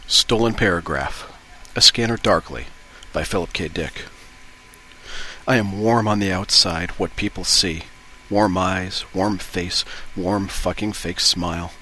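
Deep-voiced man reading passages. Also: unhurried, sharp tone, a little hiss or hum, rough recording. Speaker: reader of book excerpts.

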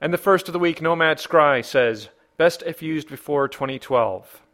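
A male podcast host reads listener comments aloud and jokes his way through them. His voice sits a little high. He rambles and apologizes for his own gags. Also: moderate pace, a bit bright. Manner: joking, rambling. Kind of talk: casual podcast banter.

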